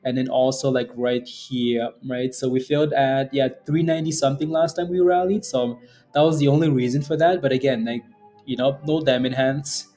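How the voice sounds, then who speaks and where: A man's voice: medium pitch, fairly even intonation, moderate pace, warm tone, faint music behind. A man hosting a live day-trading stream, hyped and cheering, laughing often as he talks through charts. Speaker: day trading livestream host.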